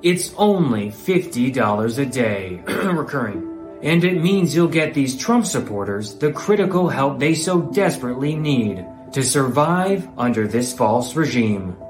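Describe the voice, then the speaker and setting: A man's voice: mid-range voice, very animated, measured pace, reverberant, music in the background. A man voicing a parody charity appeal in a solemn, pleading tone.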